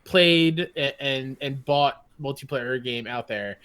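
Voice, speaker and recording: A man's voice: medium pitch, slow, fairly bright tone, clear, resonant tone. A man co-hosting a podcast in casual chat, laid-back and laughing easily. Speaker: podcast co-host.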